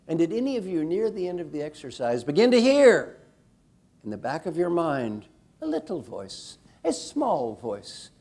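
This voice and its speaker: A man with a fairly high but mellow voice coaches a room full of people in a lively workshop. He is animated and playful, swinging from low, confiding remarks to loud calls that rally the crowd. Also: slightly rough. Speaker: executive coach leading a workshop. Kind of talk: lively workshop talk to a live audience.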